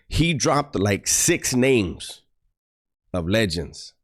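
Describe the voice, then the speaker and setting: A man tells his story in a slightly low voice. He talks bluntly and casually, with a streetwise, profane edge. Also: big pitch swings, very slow. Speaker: former prisoner telling his story.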